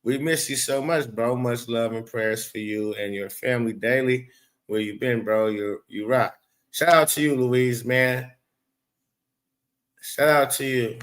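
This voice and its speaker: Male livestream host, slow unhurried delivery, profane and rambling, mid-range voice. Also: mid-range voice, fairly even intonation, a bit bright. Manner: blunt, rambling and profane, talking back to the chat. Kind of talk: live chat commentary.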